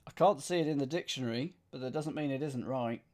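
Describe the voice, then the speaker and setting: A man's voice: mid-range voice, quick pace, darkish tone. A man streaming himself solving a cryptic crossword, reading clues aloud and musing over the wordplay. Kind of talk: thinking aloud while solving.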